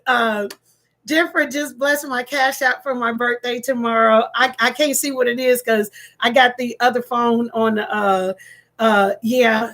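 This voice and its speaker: High-voiced woman chatting slowly to viewers. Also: pushed and bright. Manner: effusive, thanks viewers by name; laughs easily and often. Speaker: livestream host. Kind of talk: casual livestream chat with viewers.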